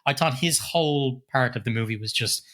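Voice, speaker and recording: Middle-aged guy rambling thru a movie review, quick and kinda sharp-toned, swears a lot. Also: mid-range voice. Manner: rambling, restarts often, swears casually. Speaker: podcast co-host. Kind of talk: casual film review chat.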